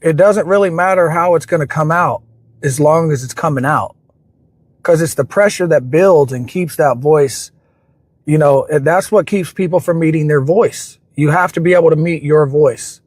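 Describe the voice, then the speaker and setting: A man's voice: on the high side, normal speed, no room sound. A man hosting a livestream and giving a reflective, motivational talk. He speaks earnestly and keeps circling back to repeat his points. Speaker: livestream host.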